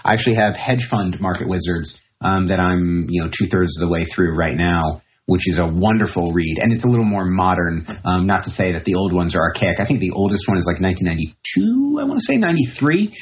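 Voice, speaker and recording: Deep-voiced male podcast guest, loose and rambling, muffled sound. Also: lively intonation, fairly quick, few pauses, a little hiss or hum. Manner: rambling, reflective, many fillers and restarts. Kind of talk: casual interview talk.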